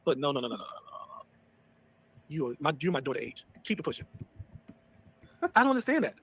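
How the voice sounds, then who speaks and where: Husky man, emphatic and dismissive. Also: fairly high pitch, very animated, fast talker, fairly bright tone, rough recording. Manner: dismissive, repeating himself emphatically. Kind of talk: conversational podcast talk.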